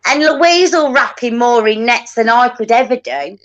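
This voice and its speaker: A woman's voice: on the high side, normal speed, hardly any pauses, highs cut off. A woman, ranting angrily and swearing on a live stream with other callers. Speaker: host. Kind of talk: heated live-stream chat. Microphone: video call.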